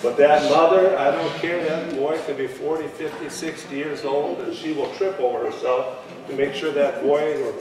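A man with a fairly high voice preaches from the pulpit, leading his congregation to answer him aloud. His voice rings through a church sanctuary with a long, heavy echo. He sounds distant from the microphone. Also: steady tone, moderate pace, over a noisy crowd. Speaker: pastor. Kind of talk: sermon with scripture reading. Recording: echoey church hall from far off.

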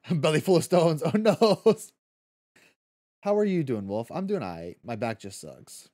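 A man's voice: a little high, animated, slow, mellow. A man streaming a video game from home, chatting casually with viewers, reading and answering chat, swearing freely and laughing often.

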